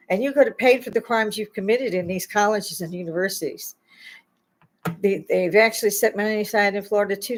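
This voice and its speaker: An older woman delivers a heated, scolding rant straight to her audience. Her voice sits at an ordinary mid pitch, but her words come out blunt and indignant, with the occasional short laugh breaking through the anger. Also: low-quality recording. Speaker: YouTube commentator. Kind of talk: angry political rant.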